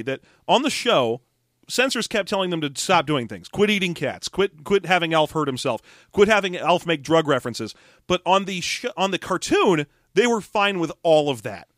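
A man's voice: high-pitched, very animated, fairly quick, fairly bright tone, dry recording, studio quality. Laughing, rambling male podcast co-host. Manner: swearing, rambling, laughs while telling. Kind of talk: casual chat.

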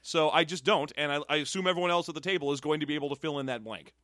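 Brief: quick, wry male co-host, slightly high voice, dry close mic. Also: a bit bright, no room sound. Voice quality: calls his voice a soothing baritone. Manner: quick, wry, playful delivery. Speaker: podcast co-host. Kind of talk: casual chat, reading listener questions.

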